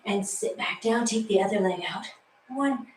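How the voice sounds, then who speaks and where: A woman's voice: medium pitch, normal speed, echoey room, recorded from a distance, a little hiss or hum, low-quality recording. A woman fitness instructor leading a home workout, out of breath, cheerful and chatty, counting reps and laughing at herself.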